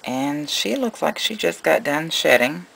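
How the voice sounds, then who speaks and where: A man's voice: a little high, expressive, unhurried, vocal fry, bright, forceful tone, slight background noise, poor audio. A man running a casual vlog as a reptile breeder, mixing cooing baby talk to his animals with plain explanation.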